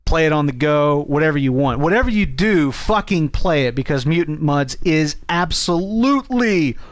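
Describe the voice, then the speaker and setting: A man's voice: on the high side, animated, moderate pace, no echo. Enthusiastic male podcast co-host. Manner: enthusiastic about games, swears casually. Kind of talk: casual podcast chat.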